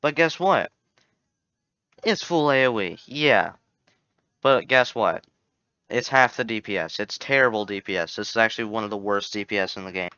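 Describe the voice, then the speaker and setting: A man's voice: lowish voice, normal speed, long pauses, bright, forceful tone, clean tone, no room sound. A young man giving casual, rambling commentary on a game tier list, often correcting himself and joking. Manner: rambling, self-correcting, jokey. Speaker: gaming YouTuber. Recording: dull lo-fi home mic.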